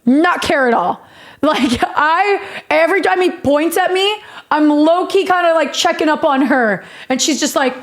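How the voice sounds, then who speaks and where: A woman's voice: high-pitched, a little slow. A woman streamer telling a rambling story in a casual, profane way, often laughing.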